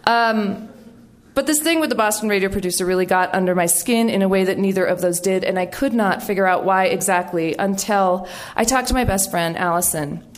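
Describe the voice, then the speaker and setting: A middle-aged woman from the United States, an author giving a storytelling talk in a wry, animated way with quoted voices. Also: mid-range voice, a little fast.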